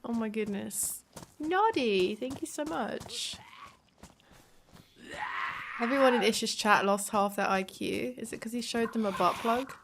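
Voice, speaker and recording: A woman's voice: fairly high pitch, measured pace, long pauses, heavy background noise. A woman from the English Midlands with a Midlands accent, chatting casually on her live stream, swearing freely and laughing often.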